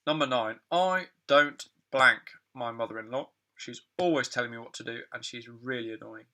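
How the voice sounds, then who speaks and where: A man teaching an online English lesson on phrasal verbs, talking in a relaxed, chatty way with many fillers and asides. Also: mid-range voice, vocal fry.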